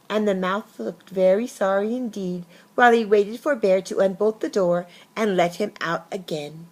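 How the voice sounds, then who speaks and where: A woman reading a picture book aloud to children, expressive and pausing to ask her listeners questions. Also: mid-range voice. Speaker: storybook reader.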